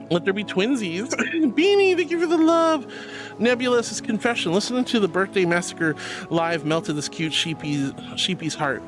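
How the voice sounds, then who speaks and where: A man streaming live, chatting casually and reading out chat messages, gushing and affectionate toward viewers. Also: high voice. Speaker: VTuber streamer. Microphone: computer mic for a VR stream.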